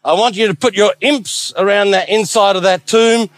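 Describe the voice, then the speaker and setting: A man's voice: high-pitched, fairly even intonation, normal speed, no echo, pitched above the performer's own voice, close to an everyday voice. A man voicing a scheming male devil who barks orders at his servants. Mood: commanding. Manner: barking orders, indignant. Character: scheming male devil, bossy underworld chief.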